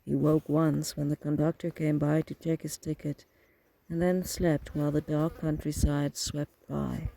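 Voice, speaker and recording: A man narrates an audiobook in a steady, flat, gravelly reading, a little slow. His voice sits somewhat high yet sounds dark and mellow, recorded dry and close with no room sound, though the audio is poor.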